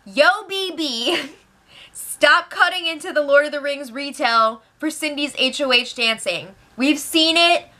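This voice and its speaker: A woman's voice: high-pitched, unhurried, pushed and bright. A woman hosting a casual spoiler recap, chatty and opinionated, laughing often. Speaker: show recap host.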